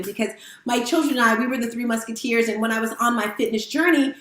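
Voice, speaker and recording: Woman motivational speaker on a live stream: casual, emotional, higher pitched, roomy sound. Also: fairly even intonation, fast. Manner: candid, emotional, casual, addresses viewers as guys. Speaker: motivational speaker and fitness instructor. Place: room at home with lights set up. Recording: roomy echo.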